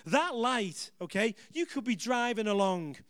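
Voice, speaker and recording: A male preacher with a high, smooth, clear voice, recorded close and dry. He preaches with rousing energy, swelling into shouts and then easing back with a chuckle. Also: big pitch swings, a little slow, dry recording. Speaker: pastor. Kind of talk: sermon.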